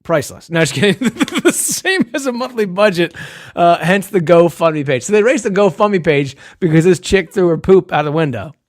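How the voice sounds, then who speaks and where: A man's voice: high-pitched, lively intonation, moderate pace, no room sound, studio quality. Joking man telling a story. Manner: jokey storytelling, laughs often. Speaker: podcast co-host. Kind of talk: casual podcast chat, reading news stories.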